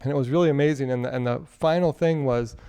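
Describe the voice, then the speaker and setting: Chatty young man, smooth mellow voice. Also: medium pitch, fast talker. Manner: animated storyteller, filler-heavy. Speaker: group participant. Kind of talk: casual chat. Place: online video call.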